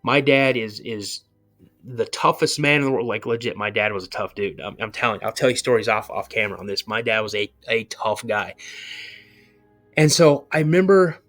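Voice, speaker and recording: A man's voice: on the low side, normal speed, fairly bright tone, faint music behind. A man, a podcast guest, telling a personal encounter story in a rambling way, full of "you know" and restarts.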